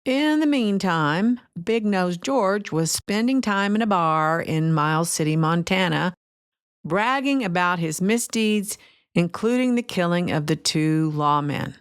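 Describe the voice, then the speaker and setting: Low-voiced woman narrating history. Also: a little slow, smooth, dry recording, studio quality. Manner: steady storytelling, wry asides. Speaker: podcast host.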